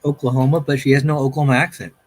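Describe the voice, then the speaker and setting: A middle-aged man with a slightly husky voice, chatting in a relaxed, rambling way as he hosts a drawing livestream. His pitch sits in an ordinary middle range. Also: rapid-fire. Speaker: livestream host, artist. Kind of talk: casual chat.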